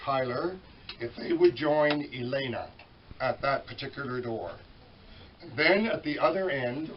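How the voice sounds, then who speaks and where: A man's voice: medium pitch, a little hiss or hum. Man emceeing a library dedication, distant. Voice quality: weak voice. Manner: folksy, chatty, self-correcting. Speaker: master of ceremonies. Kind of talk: public ceremony announcements. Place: library at a public dedication event. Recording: distant, dull event recording with crowd.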